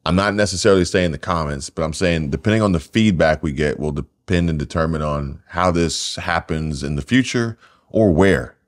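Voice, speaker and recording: A man with a very deep voice co-hosts a loose, casual podcast, rambling and joking with frequent ums and uhs. With no studio microphone, the recording sounds homemade.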